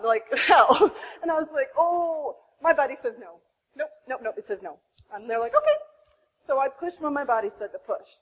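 A woman in her thirties sharing her own birth story to other women, animated, acting out her past self. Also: highs cut off. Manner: animated, acts out her own past voice with big pitch jumps. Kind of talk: impassioned personal testimony.

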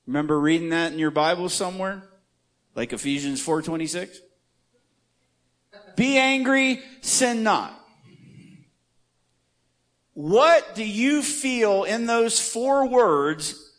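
A man's voice: high-pitched, dry recording. A man teaching an interactive church Bible study, asking the group questions in a conversational, emphatic way.

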